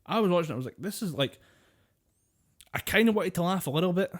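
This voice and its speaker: A man's voice: high voice, lively intonation, rapid-fire. Casual swearing man on a podcast. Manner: rambling storyteller, swears freely, laughs often. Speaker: podcast co-host.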